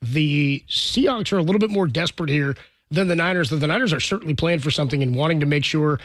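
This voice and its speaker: Fast-talking joking sports show host. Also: male voice, on the high side, no room sound. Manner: quick, joking, chatty. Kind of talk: casual sports talk show.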